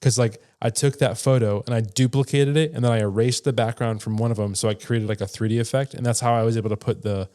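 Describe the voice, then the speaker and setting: A man's voice: medium pitch, fairly even intonation, quick pace, few pauses, warm tone. A young man co-hosting a podcast, chatting casually and rambling with frequent restarts. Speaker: podcast co-host. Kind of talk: casual chat.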